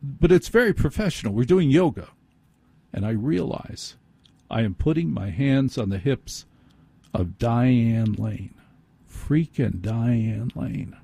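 A man's voice: mid-range voice, warm tone, breathy edge, no room sound. A man hosting a late-night call-in radio show, telling a self-deprecating story into a studio microphone.

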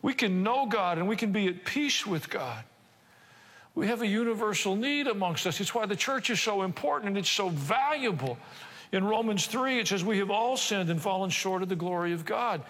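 A man's voice: high voice, lively intonation, moderate pace, fairly bright tone. An older man preaching a sermon, talking conversationally with asides and rhetorical questions. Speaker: pastor. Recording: reverberant church hall.

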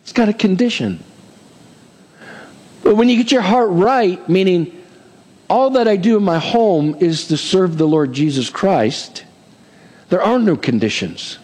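A man's voice: sits high, lively intonation, a little slow, pauses often, darkish tone, in a large hall, poor audio. A male pastor preaching a sermon in a conversational way, asking "amen?" and slipping in light humor.

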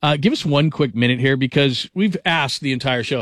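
A man's voice: mid-range voice, a little fast, a bit bright, dry recording, clean studio sound. A man hosting a national sports radio show, enthusiastic and heavy on superlatives.

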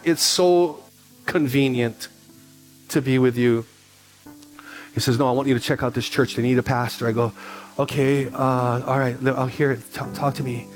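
A man in his forties preaching a sermon as pastor, telling a personal story with quick asides and repeated phrases. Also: medium pitch, steady tone, faint music behind.

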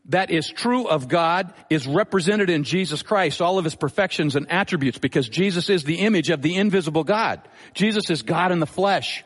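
A man with a somewhat high voice delivers an earnest expository sermon, explaining scripture verse by verse. His words ring out with a long reverb, as from a large church sanctuary. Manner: earnest teaching delivery, Bible quotations. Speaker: pastor.

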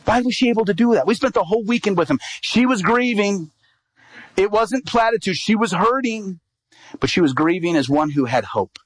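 A middle-aged male evangelist tells a story from the pulpit, slipping into the voices of the people in it. His voice sits a little high for a man. The sound is dry and close, with no room echo. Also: normal speed. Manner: animated storyteller, acts out quoted dialogue. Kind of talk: sermon storytelling.

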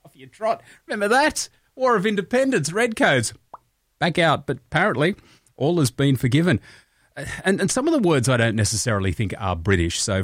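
A man's voice: medium pitch, dry recording, studio quality. An Australian man hosting a breakfast radio show, chatting in a jokey way and laughing at his own asides.

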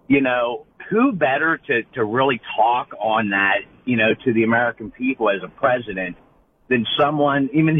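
A male caller, rambling on with many fillers in casual call-in talk. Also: mid-range voice. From Pittsburgh area. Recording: muffled phone line with faint noise.

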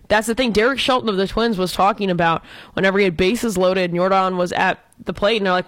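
A woman's voice: mid-range voice, quick pace, no room sound. A woman co-hosting a casual sports talk show, giving enthusiastic, opinionated takes like an eager fan. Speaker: co-host.

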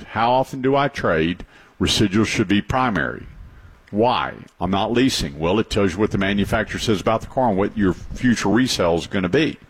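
A man's voice: on the low side, slightly rough. A man hosting a radio talk show about cars, chatty and emphatic, telling stories with repeated points. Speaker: radio show host, car advisor.

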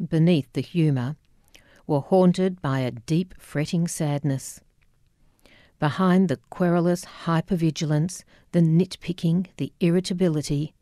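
A woman reading her audiobook memoir in a wry, measured, reflective way. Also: low voice, dark tone, no room sound, clean studio sound. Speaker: memoir narrator.

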